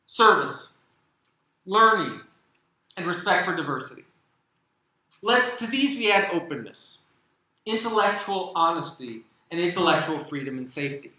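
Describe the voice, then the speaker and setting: American male keynote speaker, animated and emphatic, bright tone, roomy hall sound. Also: sits high, moderate pace, long pauses. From United States. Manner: animated, sarcastic asides, emphatic. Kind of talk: conference keynote talk. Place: conference hall.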